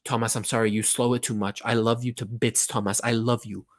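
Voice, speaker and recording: A man's voice: mid-range voice, flat delivery, fairly quick. Impassioned man giving a mock pep talk. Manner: impassioned, pleading, swearing. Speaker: football fan vlogger.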